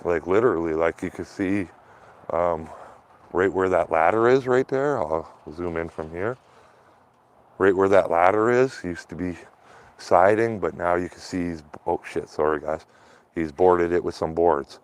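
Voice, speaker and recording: A man with a fairly low voice chats casually outdoors in a neighborhood, filming on a handheld phone. His talk is rambling and loose, full of fillers, restarts and half-finished thoughts. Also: measured pace. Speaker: street vlogger filming outdoors. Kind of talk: casual rambling vlog commentary.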